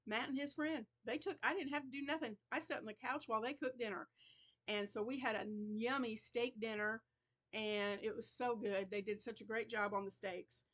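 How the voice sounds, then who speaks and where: A middle-aged woman talks to her viewers in an easy, rambling way, her slightly higher voice carrying a worn-out tiredness. She chats on about her days as host of her own crochet channel. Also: fairly even intonation, normal speed, a bit bright. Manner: chatty, rambling, yawns and laughs between thoughts. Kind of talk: casual chat.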